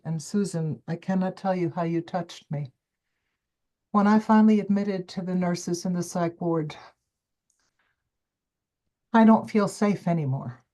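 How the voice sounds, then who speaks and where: An older woman speaks on a video call as a summit guest, a coach recounting her path with emphatic, expressive storytelling. Her voice sits somewhat low for a woman, and she acts out her own inner dialogue with dramatic turns. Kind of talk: personal storytelling interview.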